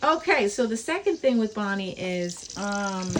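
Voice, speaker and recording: Standing in her kitchen, a young woman records a casual walkthrough for her pet sitter, her medium-pitched voice expressive and unhurried. Her rambling instructions are packed with fillers and false starts, with background noise behind her.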